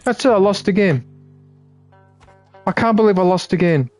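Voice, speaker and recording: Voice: medium pitch, lively intonation, normal speed, a little mellow, soft background music. Swearing, frustrated game streamer. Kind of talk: live gameplay commentary.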